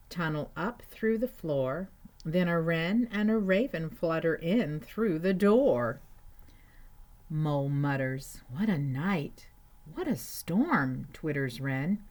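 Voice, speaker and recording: A woman reading a children's picture book aloud, adding gentle, chatty asides to her listeners. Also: low-pitched. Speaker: storyteller.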